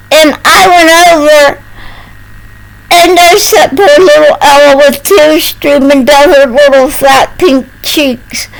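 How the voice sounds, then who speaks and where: An older woman tells a homespun tale straight to the camera, unhurried and fond. Her voice sits high and carries a gravelly edge. She croons in a sing-song baby talk. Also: rough recording. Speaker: storyteller.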